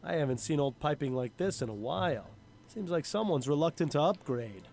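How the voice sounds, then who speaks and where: An actor voicing an easygoing, joking detective partner in a game, speaking in a wry, jokey way. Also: male voice, fairly high pitch, animated, a little fast, gravelly, darkish tone. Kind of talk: voiced game dialogue.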